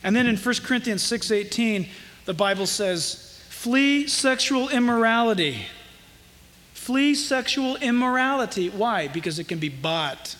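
A man preaching a sermon as pastor, with impassioned delivery and emphatic, drawn-out quotations. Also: sits high, lively intonation, fairly bright tone, in a large hall.

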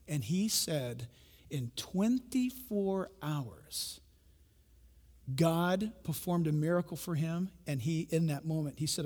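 A man preaching a sermon, telling stories with animated swings from loud bursts to hushed tones. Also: on the high side, slow pace, in a large hall. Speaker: pastor.

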